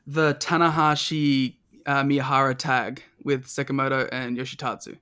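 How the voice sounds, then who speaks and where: A man with a mid-pitched voice guests on a podcast and talks matches in casual chat. He is enthusiastic but halting, and he leans on "like" as he works out his points. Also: flat delivery, sharp tone, clean tone.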